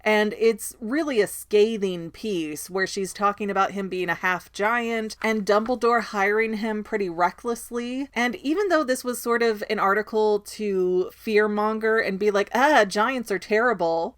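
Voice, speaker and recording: A woman hosting a casual book discussion podcast, summarizing in a chatty way with quick asides. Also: mid-range voice. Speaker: podcast host.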